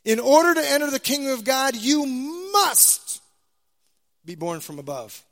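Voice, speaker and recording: A man preaching a sermon, emphatic, repeating key phrases and swinging from loud declarations to soft, low endings. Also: sing-song, fast talker. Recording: hall reverb.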